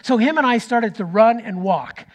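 Middle-aged man, pastor preaching, storytelling sermon, loud bursts and near-whispered asides. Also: high voice, lively intonation, normal speed.

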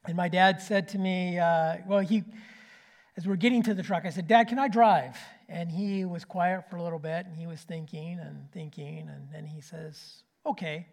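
A man, preaching a sermon with a folksy personal story, swinging between loud and hushed. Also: high voice, moderate pace, gravelly.

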